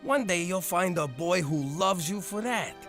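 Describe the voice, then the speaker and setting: A gravelly New York mobster father, exasperated and soft on his daughter. His voice lurches from low grumbles to loud outbursts, with faint music in the background. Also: animated, moderate pace. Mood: tender. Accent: New York Italian-American. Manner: exasperated, blustering, then tender. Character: Italian-American mob dad, soft on his daughter. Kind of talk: animated cartoon voice acting.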